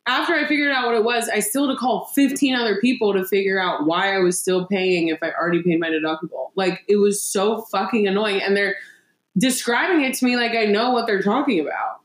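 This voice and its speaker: A woman's voice: mid-range voice, brisk. A young woman co-hosting a podcast, venting in casual chat, exasperated and swearing as she acts out phone calls. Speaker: podcast co-host. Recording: roomy echo.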